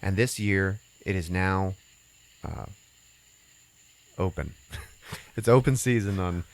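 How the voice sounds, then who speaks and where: A man's voice: low voice, slow. A man hosting a podcast, casually recapping a movie plot in a rambling way, full of "you know" and "uh" and loose swearing. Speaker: podcast host.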